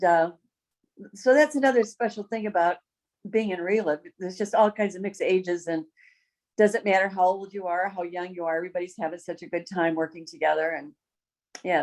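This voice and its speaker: A woman's voice: on the low side, moderate pace, a little mellow. A woman casually telling a story about her business. She laughs often and acts out the voices of the people she quotes.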